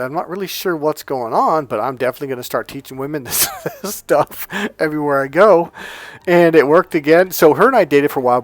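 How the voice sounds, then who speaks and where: Middle-aged male dating coach, mid-pitched voice, crude and lively delivery, dry close sound with faint music underneath. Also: no room sound. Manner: profane, animated, laughs while telling. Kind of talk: casual storytelling monologue.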